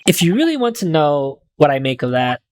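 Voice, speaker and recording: A woman voicing a grand, pompous male detective in a game, in a lowered, theatrical voice. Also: sing-song, fairly quick, a little hiss or hum.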